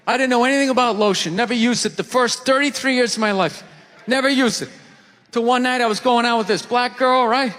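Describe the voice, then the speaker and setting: A male stand-up comic with a high, bright voice, ranting and acting out people. He is recorded live in a big hall with a long echo, an audience laughing under him, and a slight hiss. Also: brisk. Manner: loud, ranting, acts out voices. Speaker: stand-up comedian. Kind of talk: stand-up comedy set. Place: comedy stage in a large venue.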